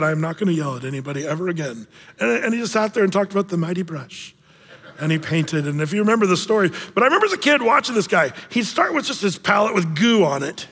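High-voiced guy preaching a sermon, jokey and animated, long echo like a big church. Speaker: pastor.

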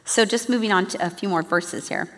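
A woman's voice: mid-range voice, brisk, a bit bright. A woman giving an earnest, chatty church teaching talk to a congregation. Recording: long reverb of a large hall.

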